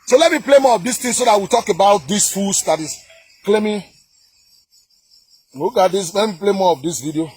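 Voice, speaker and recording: A southern Nigerian man with a Nigerian accent reacts to a video as a commentator, ranting heatedly about politics in a scornful, repetitive way full of fillers and restarts. His voice is high-pitched, animated and a little mellow with a breathy edge, moving fairly quickly with frequent pauses.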